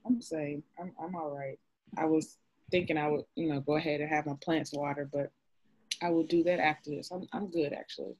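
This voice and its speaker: A woman co-hosting a podcast in casual chat, lively and laughing, getting loud when excited. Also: sits low, fairly quick. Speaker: podcast co-host.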